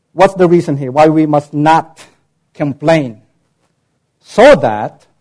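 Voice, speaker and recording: A male pastor with a somewhat high, mellow voice preaches a sermon, teaching emphatically by spelling out words, offering examples and dwelling on key terms. Whenever he reads a verse aloud, he slows way down.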